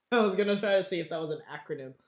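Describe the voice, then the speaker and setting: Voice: mid-range voice, quick pace. A streamer reading a game aloud and chatting between the lines in a chatty, giggly way. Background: game music.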